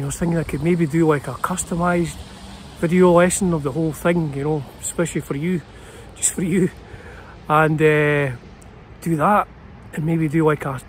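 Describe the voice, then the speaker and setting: A man's voice: fairly high pitch, a little hiss or hum. A man in his fifties with a Scottish accent, hosting his guitar channel in a chatty, meandering way with many fillers. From Scotland. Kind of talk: casual rambling vlog talk. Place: small city park outdoors.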